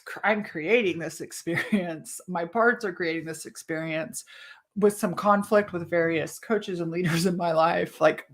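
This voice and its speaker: A woman from Texas, telling a personal story in a casual monologue, animated and swearing freely. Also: medium pitch. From Texas, USA. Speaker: podcast host.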